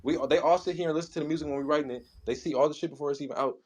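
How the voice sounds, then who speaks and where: Fast-talking young rapper man, slangy. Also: a little high, a little mellow. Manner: loose, slangy, swears freely, recounts writing lyrics. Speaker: rapper guest. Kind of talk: casual storytelling interview.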